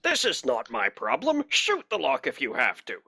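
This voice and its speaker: Casting: man doing a bullying, haughty official, bright and crisp, dry close sound. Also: medium pitch, huge pitch swings, normal speed, no echo, full character voice. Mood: imperious. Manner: barking, imperious. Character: impatient male arbitrator official, haughty and bullying.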